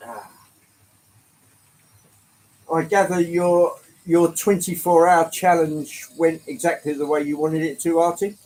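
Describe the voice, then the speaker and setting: A man's voice: fairly high pitch, flat delivery, unhurried, long pauses, darkish tone, rough recording. Chatty English man with a London touch. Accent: English, slight London. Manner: chatty, greets viewers by name, swears lightly, laughs often. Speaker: livestream host. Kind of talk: casual live-stream chat.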